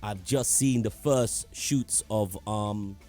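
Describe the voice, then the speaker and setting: A man's voice: fairly low pitch, slow pace, darkish tone, faint music behind. A man co-hosting a morning radio show from London who chats playfully and breaks into sing-song greetings. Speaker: radio co-host. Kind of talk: casual radio banter. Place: home in London.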